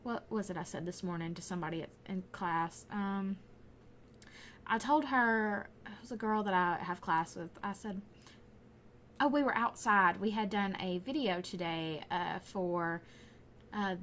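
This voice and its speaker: A woman's voice: medium pitch, measured pace, fairly bright tone, a little hiss or hum. A young woman with a Southern Alabama accent, rambling casually with frequent laughs as she voices over her gaming video. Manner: rambling, chatty, often laughing. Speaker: gaming YouTuber.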